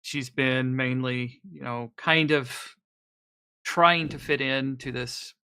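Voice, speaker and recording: A man playing a tabletop game, describing what his character thinks and does. His voice is bright and forward, at an average pitch. He talks haltingly, with lots of fillers and restarts. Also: steady tone, clear, resonant tone. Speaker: player.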